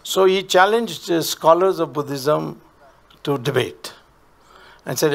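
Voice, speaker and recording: A man with an Indian accent, an interview guest explaining history in a measured, halting way with frequent pauses. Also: on the high side, vocal fry. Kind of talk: lecture-like explanation.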